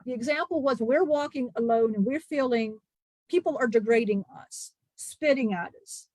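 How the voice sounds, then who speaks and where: A woman's voice: on the high side, darkish tone, no room sound, close to an everyday voice. A woman channeling a grieving ancient male disciple. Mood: solemn. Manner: halting, emotional storytelling with many restarts. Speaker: spirit channeler. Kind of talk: channeled spirit testimony.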